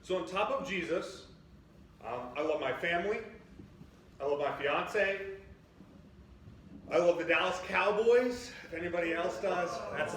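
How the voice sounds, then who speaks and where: A man's voice: a little high, fairly bright tone, a little hiss or hum. A young man in his twenties preaching a sermon in a casual, storytelling way, upbeat and chatty with lots of "like" fillers. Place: church sanctuary. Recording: echoey church from a distant mic.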